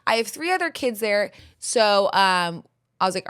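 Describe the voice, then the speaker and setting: A woman in her thirties hosts a podcast, telling a story in a candid, rambling, casual way, with lots of fillers and laughter. Her mid-range voice is animated, a bit bright and clean, at a normal speed.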